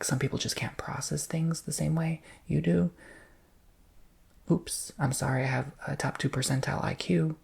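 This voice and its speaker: Gravelly-voiced man in soft ASMR chat. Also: fairly high pitch. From Macedonian-American family. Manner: rambling, emotional, full of "you know what I'm saying"; drifts between soft talk and whispers. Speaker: ASMR channel host.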